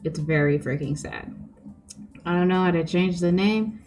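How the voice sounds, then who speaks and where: A woman's voice: fairly low pitch, normal speed, music in the background. A young woman streaming, chatting casually with her viewers, giggly and full of fillers. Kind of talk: casual chat with livestream viewers.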